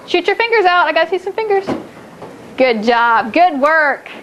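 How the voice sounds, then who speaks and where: High-voiced upbeat woman teaching kids. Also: very animated, fairly bright tone, a little hiss or hum. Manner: upbeat, encouraging, drawn-out modelling of words. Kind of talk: classroom phonics lesson. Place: classroom with small group of children.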